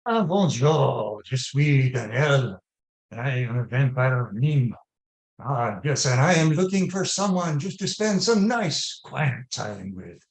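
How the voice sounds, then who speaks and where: A man's voice: medium pitch, expressive, takes it slowly, gravelly. An actor playing a lonely, toothless male vampire with a hammy put-on French accent in an improv comedy sketch on a video call. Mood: wistful. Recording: echoey room on a video call.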